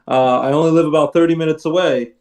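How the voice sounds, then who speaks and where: A man's voice: fairly high pitch, steady tone, fast talker, darkish tone. A man, a sportscaster, telling jokey stories in casual chat. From Bronx family, lived in Scranton. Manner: chatty storyteller, jokey. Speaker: sportscaster guest. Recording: echoey room, far from mic.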